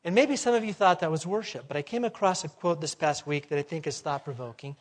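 A man preaching a sermon in a fairly high voice. He presses each point with rhetorical questions and swings from forceful to hushed. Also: fast. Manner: emphatic, rhetorical questions, swings between loud and soft.

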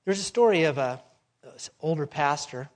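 A man preaching a sermon, emphatic and full of rhetorical questions, swinging between loud and hushed delivery. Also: a little high, animated, moderate pace.

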